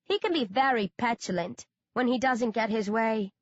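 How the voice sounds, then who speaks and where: A woman's voice: fairly high pitch, normal speed, dry recording, natural voice. Woman reader playing a smug, cynical noble lady, dull dry audio.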